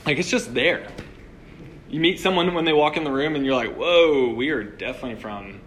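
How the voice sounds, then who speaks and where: A man's voice: mid-range voice, a little fast, a bit bright, a little hiss or hum. Man preaching in a casual, chatty way. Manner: conversational, lots of "like" and restarts. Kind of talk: casual sermon. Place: room with a live audience.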